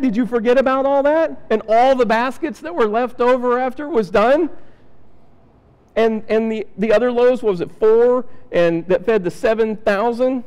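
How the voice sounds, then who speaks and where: A man's voice: high voice, darkish tone, smooth. A man preaching a conversational sermon, acting out the lines of the people in his stories. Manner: conversational, acts out Bible characters' lines. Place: church sanctuary. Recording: reverberant church hall.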